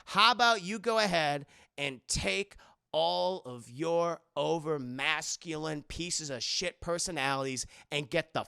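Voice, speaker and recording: A man's voice: a little high, a little slow, creaky, pushed and bright, clean tone, no echo, studio quality, heavily acted. A man voicing a cool, blunt young female coffeehouse poet who talks in a laid-back way. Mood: scolding.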